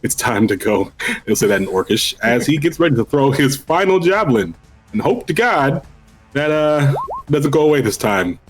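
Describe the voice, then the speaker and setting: A man at a tabletop game, playfully insisting on his character's moves. His pitch swings widely as he talks. He sounds eager and emphatic. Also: sing-song, moderate pace, soft background music. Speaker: player. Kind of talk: casual tabletop game chat.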